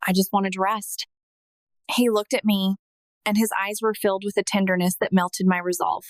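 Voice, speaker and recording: A woman in her thirties narrates a personal spiritual testimony in an earnest, heartfelt tone. Her voice sits at an ordinary middle pitch and is recorded close and dry, with no room sound. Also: level tone, normal speed, no room sound, rough recording. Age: 30s.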